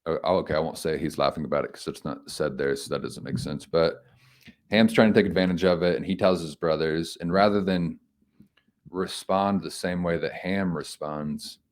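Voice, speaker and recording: A man giving an informal Bible commentary, reflective and halting, thinking aloud with frequent restarts. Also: low voice, fairly even intonation. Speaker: homily speaker.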